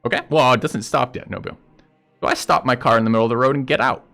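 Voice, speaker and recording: A man's voice: mid-range voice, fast, gravelly, fairly bright tone, soft background music. A man streaming and telling a story in casual chat with viewers, blunt and profane as he rants about a road dispute.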